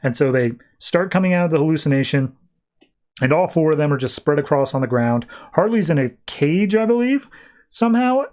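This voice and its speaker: A man's voice: on the high side, expressive, fairly quick, a little mellow. Man casually recapping a comic. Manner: rambling storytelling, acting out quotes. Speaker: podcast host.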